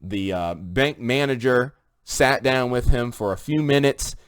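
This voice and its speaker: A man's voice: mid-range voice, lively intonation, measured pace, smooth, dry recording. A man delivers an opinion monologue right into the camera. He talks with emphatic, preachy force and keeps turning to his viewers. His voice sits in a middle range, and the recording is dry and close. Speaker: commentary video host.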